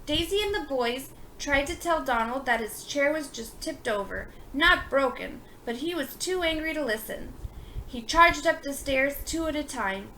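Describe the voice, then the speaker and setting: A woman reading a picture book aloud in a lively, expressive manner. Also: high-pitched, unhurried, slight background noise, low-quality recording. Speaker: storybook reader.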